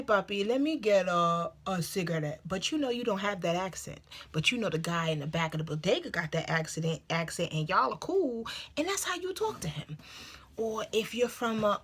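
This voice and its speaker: Her voice is mid-range, a touch bright and slightly rough. Vlogging from inside her home, this woman keeps things casual and chatty, speaking her mind bluntly and now and then dropping to a whisper for an aside.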